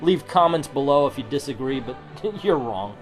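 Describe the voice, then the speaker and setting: A man's voice: medium pitch, animated, normal speed. A middle-aged man reviewing a comic book, sarcastic and ranting, swearing now and then. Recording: music playing under the voice. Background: background music.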